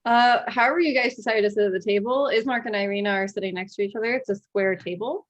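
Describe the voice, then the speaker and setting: A woman running a tabletop game as game master, narrating in a halting way with frequent fillers. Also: mid-range voice, highs cut off.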